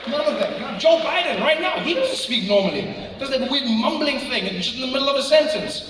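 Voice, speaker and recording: A man performing a stand-up comedy set to a live crowd, animated and slipping into quick voice impressions. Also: very high voice. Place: large live comedy venue. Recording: echoey arena, far from mic, audience noise.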